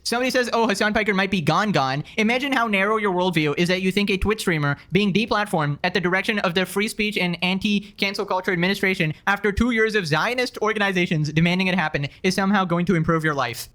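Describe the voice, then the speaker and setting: A man's voice: high voice, bright, forceful tone. A man narrating a commentary video with a mocking, pointed delivery.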